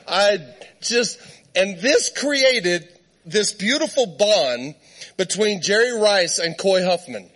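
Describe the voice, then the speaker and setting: Man, high voice, animated storyteller, laughing, sermon in a church. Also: slow pace. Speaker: guest preacher.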